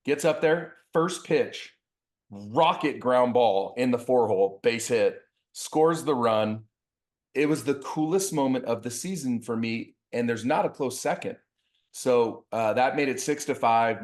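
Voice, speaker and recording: A man co-hosting a baseball podcast, a youth coach telling a story in casual chat and acting out the dialogue. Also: mid-range voice. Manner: animated storyteller, acts out dialogue.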